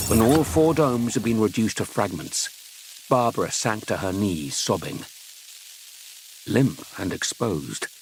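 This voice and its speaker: A man narrating an audiobook in a steady, dramatic storytelling manner, close to a studio mic. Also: sits low, noisy background.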